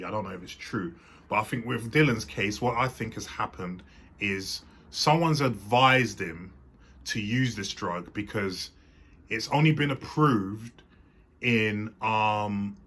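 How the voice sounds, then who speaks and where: Bright-voiced man chatting casually to camera. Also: on the low side, breathy edge. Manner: chatty, meandering, restarts and fillers while explaining. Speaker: host. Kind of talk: casual explanatory monologue.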